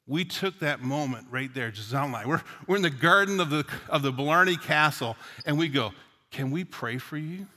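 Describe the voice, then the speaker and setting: A middle-aged man from Newfoundland delivers a sermon with earnest conviction and easy storytelling asides. His voice is bright and forceful and sits slightly high for a man. It rings out with a long hall reverb from a church sanctuary. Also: animated, a little fast, hardly any pauses. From Newfoundland, Canada. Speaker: pastor.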